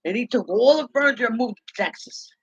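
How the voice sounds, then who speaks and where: A man's voice: extremely high pitch, lively intonation, quick pace, husky, dry recording. A man in a rambling, indignant gossip monologue, talking to himself. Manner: chatty, indignant, talks to himself. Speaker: vlogger. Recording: dull lo-fi dry recording.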